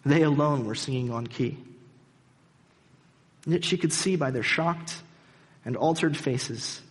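A man's voice: mid-range voice, husky. A man preaching a sermon, retelling a story in an earnest, dramatic storytelling manner. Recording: hall reverb.

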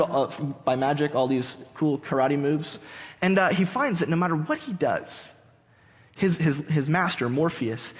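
A male pastor preaches with a fairly high voice, telling a story in an animated way and acting out its characters. His voice rings out with the long reverb of a church sanctuary. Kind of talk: sermon.

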